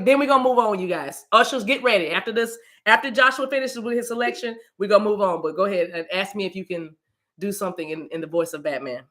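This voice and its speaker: A woman's voice: mid-range voice, a bit bright. A middle-aged woman hosting a live tarot reading. She chats casually and with animation, often laughing and talking straight to her viewers. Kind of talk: casual livestream chat.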